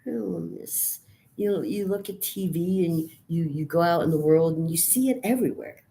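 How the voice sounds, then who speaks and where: A middle-aged woman venting in a raw, profane monologue to camera, swinging from quiet brooding to loud outbursts. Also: fairly low pitch, moderate pace, gravelly. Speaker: vlogger.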